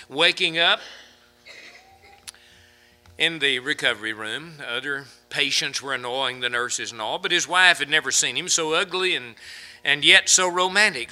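A man preaching a sermon, his voice high and very bright. He tells jokes and stories between scripture, swinging from loud emphatic lines down to quiet asides. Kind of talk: sermon with humorous anecdotes.

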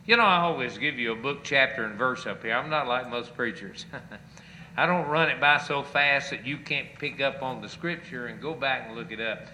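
A man's voice: mid-range voice, sharp tone, a little hiss or hum, poor audio. A male pastor preaching a sermon, quoting scripture with chapter and verse and pressing his listeners with rising rhetorical questions.

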